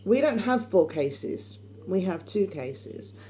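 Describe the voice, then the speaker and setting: A young woman chatting in a rambling, easy way. Her voice sits fairly low and has a warm, mellow color. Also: expressive, takes it slowly. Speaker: vlogger. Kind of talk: casual chat.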